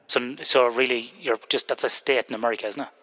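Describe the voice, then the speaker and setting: A middle-aged man runs a relaxed podcast chat, teasing and joking with his guests. He talks at a fast clip. His voice is bright and forceful. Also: mid-range voice, faint music behind. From Ireland. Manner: joking, teasing, quick and chatty. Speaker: podcast host. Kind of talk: casual interview chat.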